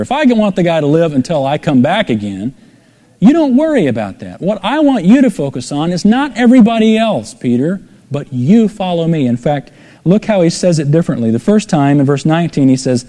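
A man's voice: high-pitched, mellow. A middle-aged man preaching a sermon, telling stories and acting out the voices in them with sudden emphatic rises. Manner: storytelling, acts out quoted voices with emphatic rises. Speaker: pastor. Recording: long hall reverb.

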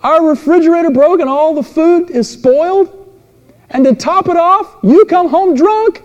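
A man voicing a frazzled, exasperated wife in a sermon anecdote, her complaints pitched high and shrill, with long hall reverb. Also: normal speed, darkish tone, lo-fi sound.

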